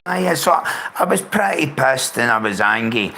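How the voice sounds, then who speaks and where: A man's voice: medium pitch, big pitch swings, measured pace, vocal fry, bright, forceful tone. A man talking casually on a live stream, rambling, swearing often and greeting viewers by name. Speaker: livestreamer. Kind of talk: casual unscripted live chat.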